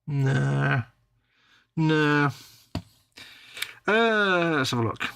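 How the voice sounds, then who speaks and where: A man's voice: fairly high pitch, lively intonation, drawn-out words, gravelly, fairly bright tone, a little hiss or hum. A man co-hosting a live model-making stream, chatting in a rambling way and reading out viewers' comments. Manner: rambling, restarts a lot, reads out chat comments. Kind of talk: casual live-stream chat.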